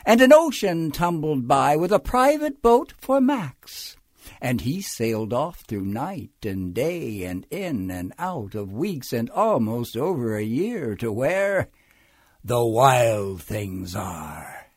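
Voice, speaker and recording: A man reading a children's picture book aloud, acting it out with big swings from loud calls to hushed drops. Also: a little high, sing-song, takes it slowly, dry recording, studio quality. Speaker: storyteller.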